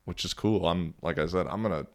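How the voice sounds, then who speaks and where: Sounding a bit tired, a young podcast host talks solo in a low voice, a little fast, rambling easily through a story and swearing casually along the way.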